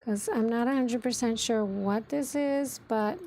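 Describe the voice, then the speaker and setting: A woman VTuber streamer chatting casually with viewers, thinking aloud and giggling while she sets up her software. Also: a little high, unhurried, a little hiss or hum. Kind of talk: casual livestream chat while setting up software.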